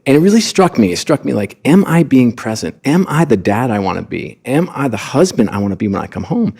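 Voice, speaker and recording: A man's voice: mid-range voice, very animated, brisk, vocal fry, few pauses, darkish tone, slightly rough. A middle-aged man, a sports executive appearing as a podcast guest, telling personal stories earnestly and with frequent restarts. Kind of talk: conversational storytelling.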